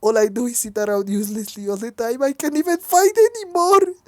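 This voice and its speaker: A woman's voice: fairly high pitch, a little fast, a little mellow, dry recording, voice pushed up, lightly acted. A woman voicing a troubled young man who hesitates and restarts as he doubts himself, read from a fan story. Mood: anxious, frustrated.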